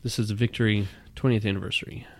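A man co-hosting a casual beer tasting chat, teasing his friends and reading label copy aloud, his voice a little husky today. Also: lowish voice, little pitch movement, quick pace, no room sound. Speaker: beer podcast co-host.

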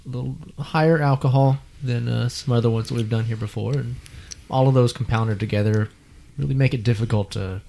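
A man's voice: medium pitch, fairly even intonation, brisk, vocal fry, few pauses, dark tone, a little hiss or hum. A man hosting a casual beer-tasting chat, explaining each beer at length. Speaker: beer podcast host.

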